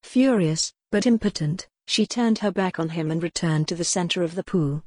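An audiobook narrator reads a gothic novel from a script, her slightly low voice measured and dramatic in its storytelling. The recording is close and dry, without any room sound.

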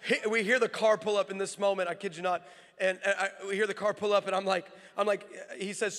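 A male pastor preaching a sermon, telling a story and building to shouted, emphatic preaching. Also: sits high, flat delivery, quick pace. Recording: long hall reverb.

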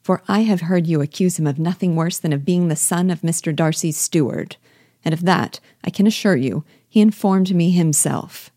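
Woman reading witty young lady, teasing, pointed, low mellow voice. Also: normal speed, dry recording, studio quality, natural voice. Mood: indignant.

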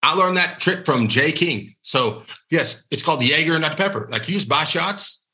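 A man co-hosting a podcast, chatting casually with quick interjections. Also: on the high side, expressive, pushed and bright. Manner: quick interjections, laughs along. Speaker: podcast co-host.

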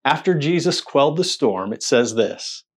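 Brief: male preacher, mid-pitched voice, lively sermon delivery full of rhetorical questions. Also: moderate pace, husky. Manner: animated storytelling with rhetorical questions and quoted voices.

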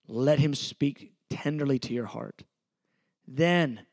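A man's voice: medium pitch, takes it slowly, vocal fry, darkish tone, dry recording. A middle-aged man, preaching a sermon in an earnest, conversational way with repeated phrases. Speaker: pastor teaching a sermon.

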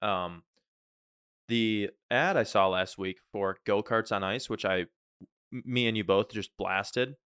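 A man's voice: fairly low pitch, a little slow, fairly bright tone, clear, resonant tone, dry recording, clean studio sound. A man co-hosting a casual podcast, joking around and slipping into mock voices for the people he talks about. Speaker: podcast co-host. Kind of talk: casual chat.

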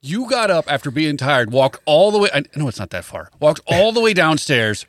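A man's voice: a little high, sing-song, a bit bright, no room sound, clean studio sound. A man co-hosting a podcast in casual chat, laying out his argument point by point. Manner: quick, reasoning through points step by step. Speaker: podcast co-host.

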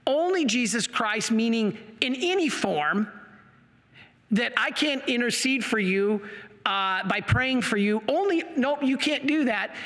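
A man's voice: very high-pitched, fairly bright tone. A man giving a passionate religious apologetics lecture with slides, getting worked up as he explains. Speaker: Catholic apologetics speaker. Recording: long hall reverb.

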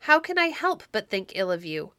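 A proud medieval king barks orders and mocks his subject in a bright, forceful voice, as a woman reader puts him on. The sound is close and dry, with no room around it. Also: medium pitch, sing-song, normal speed, smooth, no room sound. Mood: angry. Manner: commanding, mocking. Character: domineering medieval king, male, scornful. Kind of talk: audiobook reading.

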